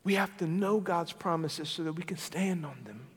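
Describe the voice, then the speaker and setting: A male pastor with a high, bright voice delivers a sermon in a big hall whose long echo trails after each phrase. He swings from forceful declarations down to soft, hushed appeals. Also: moderate pace, breathy edge. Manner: dynamic preaching, swinging from loud to hushed.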